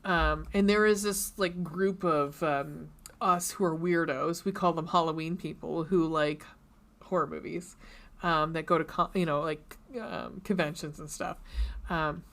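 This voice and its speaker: A woman's voice: low voice, steady tone, unhurried, vocal fry, fairly bright tone. A woman co-hosting a casual book podcast, rambling with lots of ums and restarts. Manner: rambling, many fillers and restarts. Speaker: podcast co-host. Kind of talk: casual chat.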